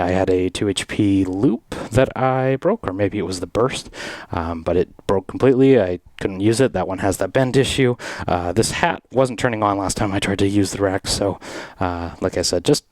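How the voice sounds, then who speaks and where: A man's voice: low voice, dry recording. A man casually rambling as the host of a modular synth video, with many fillers and a voice run through a glitching distortion effect. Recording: synth music playing behind. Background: electronic synth music.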